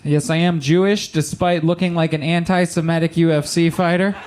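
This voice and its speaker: A young man from Michigan doing a stand-up comedy set, with deadpan punchlines and quick put-on voices for the people in his stories. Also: a little high, noisy background. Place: small comedy club with live audience.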